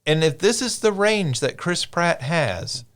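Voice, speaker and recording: A man's voice: on the high side, a little slow. Chatty man podcast co-host. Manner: animated, rambling with many "like"s. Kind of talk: casual chat.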